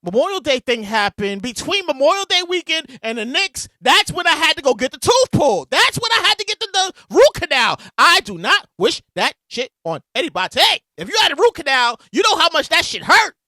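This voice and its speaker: A man hosting his podcast, telling stories in a loud, animated casual monologue. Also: extremely high pitch, brisk, hardly any pauses, no echo, studio quality. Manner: animated, loud storytelling with bursts of shouting. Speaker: podcast host. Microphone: podcast mic with a soundboard.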